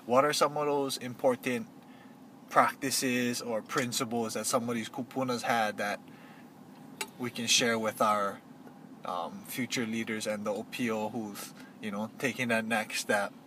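A man's voice: mid-range voice, fairly even intonation, a little slow. A man interviewing someone, asking loose, rambling questions full of fillers. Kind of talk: casual interview. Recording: faint vehicle noise behind.

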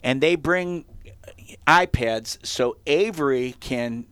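A man telling a story in casual chat as a host, animated and acting out the quotes, with frequent laughs. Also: mid-range voice, slow, clear, resonant tone, dry recording.

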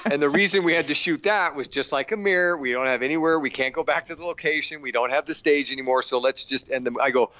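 A man's voice: on the high side, fast, hardly any pauses, sharp tone. A middle-aged man, an actor and producer, tells behind-the-scenes stories in a casual interview, laughing and swearing often. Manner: laughing, profane anecdotes.

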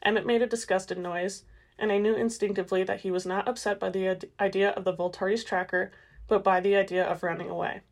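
A woman reading a novel aloud in a steady, measured first-person narration. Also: medium pitch. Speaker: audiobook reader.

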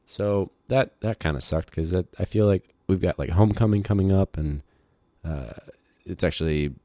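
A man who teaches high school, talking in a rambling, casual podcast monologue full of fillers and digressions. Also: warm tone, dry recording, clean studio sound.

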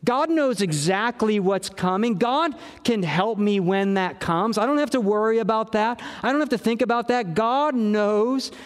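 A man's voice: high-pitched, moderate pace, hardly any pauses, big-room sound. A man preaching a sermon as pastor, earnest and repeating key phrases for emphasis.

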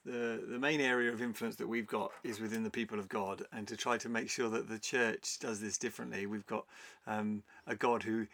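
A man, a pastor hosting an interview, speaking in a thoughtful, measured way. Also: on the low side, steady tone, fairly bright tone. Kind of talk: reflective interview talk.

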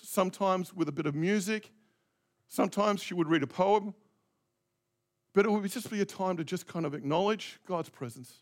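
A middle-aged male pastor preaching a reflective, conversational sermon, asking his congregation direct questions. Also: high-pitched.

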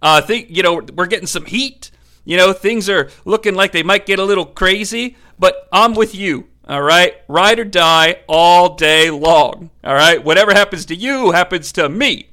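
A man voicing a loud, slangy male disciple who swears loyalty in casual bro talk. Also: sits high, moderate pace, pitched below the performer's own voice. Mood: boastful. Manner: swaggering slangy pledges.

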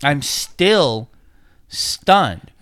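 A man telling a story in casual conversation, animated and acting out the voices of people in it. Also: a little high, extremely slow, clean tone. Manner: animated, acts out voices in his anecdotes. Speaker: podcast guest telling a story.

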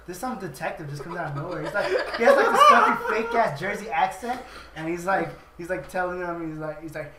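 A man's voice: high-pitched, big pitch swings, fairly quick, recorded from a distance, background noise. A man chatting casually and profanely, rambling and laughing as he retells a movie. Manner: laughing often, rambling, acting out quoted lines. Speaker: podcast host retelling a movie. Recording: roomy, off-mic with crowd chatter.

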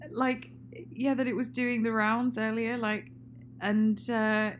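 A woman's voice: a little high, little pitch movement, slow pace. A woman co-hosting a casual film chat, rambling and laughing often. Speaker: podcast co-host. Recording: faint hum and noise.

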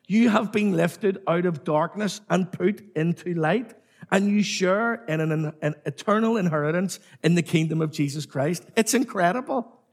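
Male preacher, husky and a bit high-pitched, emphatic sermon delivery with call-and-response. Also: moderate pace. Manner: emphatic, repetitive, calls on the congregation to respond.

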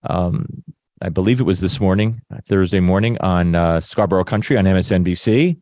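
A man's voice: deep voice, fairly quick, mellow, no echo, studio quality. A man hosting a talk radio show, rambling and correcting himself, with lingering congestion. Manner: rambling, self-correcting, laughs mockingly. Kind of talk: conservative talk radio commentary.

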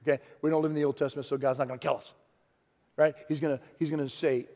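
A man preaching a sermon, animated and often acting out quoted voices, with frequent restarts. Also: fairly high pitch, fast talker. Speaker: pastor. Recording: long hall reverb.

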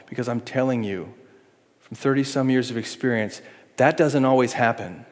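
A middle-aged man preaching a sermon as pastor, earnest and pleading, moving between hushed appeals and lively acted-out asides. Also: mid-range voice, normal speed. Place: church sanctuary. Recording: long reverb in a large hall.

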